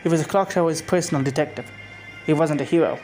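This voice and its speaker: Reading his fan-made story out loud, this man talks fast in a slightly mellow voice on the high side. He rambles casually with lots of restarts and self-corrections, music playing behind him, and the recording is rough.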